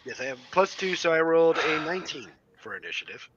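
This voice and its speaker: A man's voice: on the high side, sing-song, quick pace, muffled recording, heavy background noise. A man playing in a tabletop game livestream, talking in a giggly, teasing way. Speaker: player. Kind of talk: casual chat at a tabletop game.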